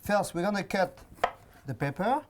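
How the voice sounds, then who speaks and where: A man's voice: sits high, animated, background noise. French-accented man explaining a recipe. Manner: halting, with many fillers and restarts. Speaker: chef. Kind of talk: cooking demonstration chat. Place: outdoors on a hillside.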